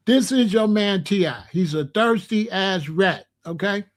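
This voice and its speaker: A man's voice: high-pitched, a little slow. A man giving opinionated commentary in a vlog, talking emphatically, repeating himself and using slang. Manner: emphatic, repetitive, slangy, preachy. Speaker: rap commentator.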